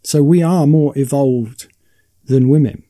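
A man's voice: mid-range voice, a little slow, mellow. A man in casual podcast chat, stammering and repeating words as he goes.

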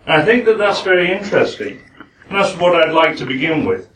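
A man with a Yorkshire accent giving a lecture-style speech at a forum. He talks haltingly, with many "uh"s and self-deprecating asides. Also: on the high side, expressive, a bit bright, slight background noise. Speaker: guest speaker at a forum. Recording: echoey hall, speaker far from the mic.

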